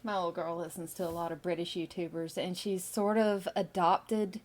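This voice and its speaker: A middle-aged woman chatting casually with her stream viewers as she draws, musing slowly with lots of fillers. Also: fairly low pitch, fairly even intonation. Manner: slow, musing, with many fillers. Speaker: artist streaming while drawing. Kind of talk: casual chat with live viewers.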